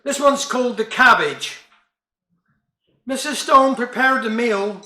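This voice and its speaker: A man's voice: very high voice, slow pace, sharp tone, roomy sound. A man reciting comic verse and jokes in broad dialect with a wry delivery. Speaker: storyteller.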